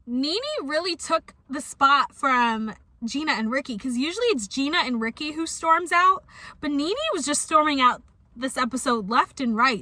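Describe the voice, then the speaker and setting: Bright, high-voiced young woman gushing over a show. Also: no echo. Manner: gushing fangirl recap, lively and animated. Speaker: reaction video host. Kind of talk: casual chat.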